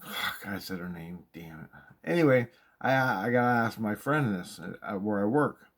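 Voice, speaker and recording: In a casual monologue, a man with a fairly low voice shares a personal story at normal speed. He gets excitable and swears, repeating himself when he wants to stress something.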